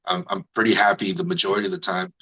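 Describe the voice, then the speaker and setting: A man recounts his story as an interview guest, acting out what others said in a raised voice. His tone is bright and forceful, peppered with "you know" and "man.". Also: rapid-fire, slightly rough, lo-fi sound. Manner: animated, acts out quotes in higher voice. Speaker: radio host and guest.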